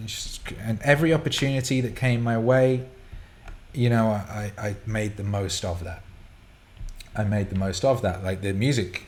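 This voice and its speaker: A man's voice: lowish voice, darkish tone. A man hosting a show, answering listener questions in a casual, rambling way, swearing freely and restarting his sentences often.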